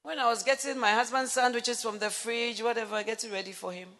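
Woman preacher, middle-aged, sharp bright tone, acts out stories, big reverby hall. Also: on the high side, fairly quick. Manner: animated storytelling, acts out dialogue, breaks into laughs. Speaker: preacher speaking on marriage. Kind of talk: sermon.

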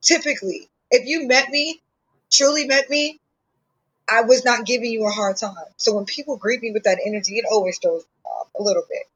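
A woman chatting on a podcast, speaking openly and warmly about her young son. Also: a little high, steady tone, a little fast, husky, rough recording. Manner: heartfelt and open, talking at length about her son. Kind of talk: casual chat.

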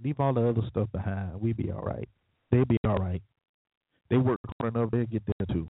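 A man's voice: lowish voice, fairly quick, husky. A man hosting a talk show, delivering an opinionated monologue with sarcastic, preachy remarks and chuckling asides. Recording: tinny phone-like, dry.

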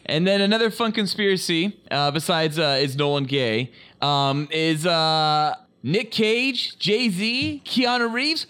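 Young male podcast co-host, crude and jokey, leads the chat; bright tone, a bit high. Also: slow pace, hardly any pauses, clear, resonant tone. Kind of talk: casual podcast banter.

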